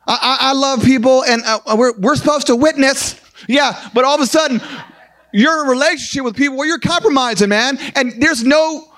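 Male preacher, high-pitched, emphatic sermon delivery with repeated punches. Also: fairly bright tone.

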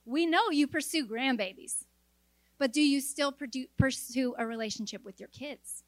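A middle-aged woman delivers a sermon in a fairly high voice, earnest and exhorting. The sound is dry and close, with no room echo. She slips in quick joking asides between her points. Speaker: preacher. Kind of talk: sermon to a women's audience.

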